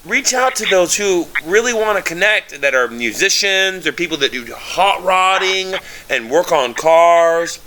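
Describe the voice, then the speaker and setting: A man chatting casually as co-host, telling an excited, rambling story with lots of fillers and swearing. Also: sits high, unhurried, slight background noise. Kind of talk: casual chat.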